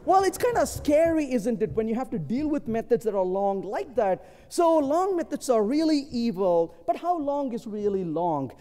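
A man's voice: extremely high pitch, normal speed, few pauses. A man speaking at a conference, telling stories and tagging points with rhetorical questions. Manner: animated storytelling, rhetorical "isn't it?" tags. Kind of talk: conference talk with anecdotes. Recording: long hall reverb.

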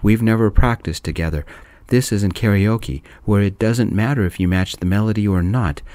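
A man voicing an earnest, worried young brother in a soft-spoken storybook reading. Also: on the low side, normal speed, no echo, close to an everyday voice.

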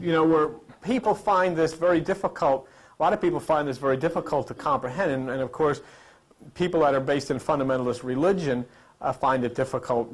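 Husky animated man hosting a talk show. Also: a little high. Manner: animated storyteller, acts out voices with laughing asides. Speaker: host. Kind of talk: casual talk to a studio audience.

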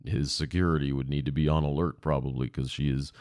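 A man's voice: rumbling low, steady tone, fast talker, a little mellow, dry recording, clean studio sound. A man hosting his podcast solo, rambling in a casual, profane and self-deprecating way. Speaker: podcast host.

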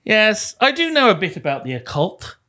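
A man introducing his character at a role-play table in a playful, drawn-out way, slipping into a posh voice. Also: high voice, huge pitch swings, sharp tone. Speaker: player.

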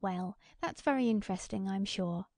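A woman's voice: medium pitch, expressive, moderate pace, mellow, dry recording, clean studio sound. A woman reading the lines of a condescending male county attorney in a tolerant, dismissive way.

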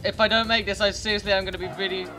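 A man giving profane, excitable commentary while playing a game, with sudden yelled outbursts. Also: high-pitched, racing. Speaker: gaming YouTuber. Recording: game music behind voice.

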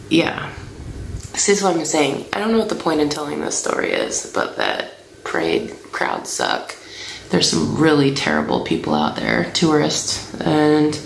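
A woman in her thirties chats to camera about her family's travels. Her voice sits low and gravelly, and she acts out what people said. The room is echoey with a faint hiss behind her. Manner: chatty, animated, acts out quotes. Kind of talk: casual storytelling to camera.

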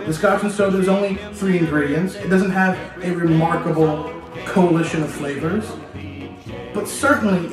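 Male history host, playful storyteller, slightly high voice, roomy distant sound, music under. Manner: lively, addresses listener directly, playful. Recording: very echoey room, distant mic, music behind.

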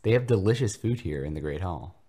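A man voicing a pious, overeager young boy who screeches excitedly to greet others. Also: low-pitched, brisk, slightly rough. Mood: friendly.

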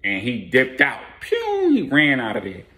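A man's voice: mid-range voice, normal speed, pushed and bright. A man casually narrating a street story in laid-back slang with fillers.

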